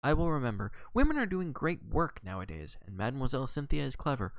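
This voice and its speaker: A man's voice: medium pitch, sing-song, quick pace, creaky, no echo, voice pushed up. A man reading the part of a fussy, shrewd little detective who keeps asking probing questions.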